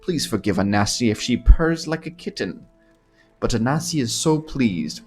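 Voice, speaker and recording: A coy cat-woman thief who coaxes and purrs and talks about herself in the third person, as a man reads her game lines in a put-on voice. The pitch sits around an ordinary male middle, with soft game music far behind. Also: lively intonation, slow, slightly rough, heavily acted. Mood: wheedling. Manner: speaks of herself in third person, purring and coaxing. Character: coy scheming female cat-folk thief. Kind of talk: reading game dialogue aloud in a put-on voice.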